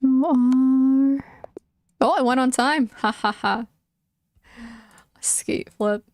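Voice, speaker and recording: A woman's voice: fairly high pitch, slow pace, dry recording. A young adult woman streaming chess, chatting casually and emotionally with her viewers and often using "like" as a filler. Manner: emotional, talks to her chat, frequent "like" fillers. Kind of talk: casual live-stream chat.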